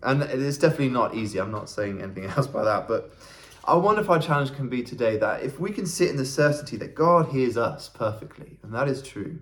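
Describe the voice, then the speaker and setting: A young man giving a relaxed devotional Bible talk, chatty and self-deprecating, often laughing as he tells a story. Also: mid-range voice, brisk. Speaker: church worker training as vicar.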